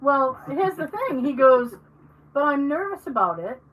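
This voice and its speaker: A woman co-hosting a podcast in casual chat, telling animated stories, acting out the people she quotes and swearing freely. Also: sits high, measured pace, distant mic, rough recording. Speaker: podcast co-host.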